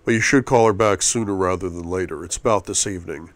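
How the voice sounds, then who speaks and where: Deferential male bodyguard, read by a man, formal and brief, low-pitched and dry. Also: quick pace, no echo, natural voice.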